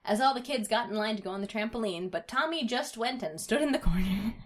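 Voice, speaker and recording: A woman reads fan fiction for her comedy show in an animated, fairly quick voice. She laughs a lot and voices the baby characters in a fake high pitch.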